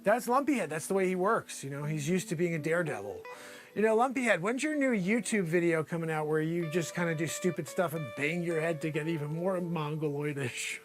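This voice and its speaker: A man's voice: brisk, over music. A man hosting an improvised comedy show, parodying a news anchor and riffing on his guests with loose, teasing banter. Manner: breaks into high-pitched fits of laughter, shouting.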